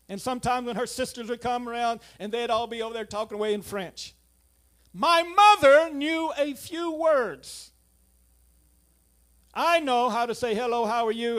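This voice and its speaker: A man preaching a sermon, telling a family story, then driving home points with loud emphasis and quiet asides. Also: extremely high pitch. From South Louisiana.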